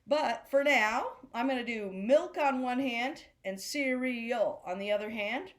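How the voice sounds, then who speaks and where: A middle-aged woman leads a beginner drum class, speaking slowly in a fairly high voice. She walks through each rhythm and chants the patterns aloud with food words. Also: a bit bright. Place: senior center class room.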